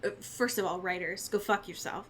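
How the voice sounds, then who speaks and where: A woman co-hosting a podcast in casual chat, animated and swearing, often laughing. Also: lowish voice, brisk, slight background noise. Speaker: podcast co-host.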